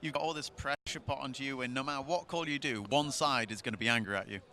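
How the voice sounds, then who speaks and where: A man's voice: medium pitch, fast, pushed and bright. A man doing live match commentary outdoors with jokey, chatty banter.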